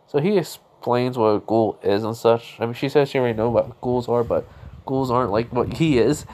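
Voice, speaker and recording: A man's voice: medium pitch, normal speed, a little mellow. A man improvising a fan story aloud, rambling with many fillers and self-corrections.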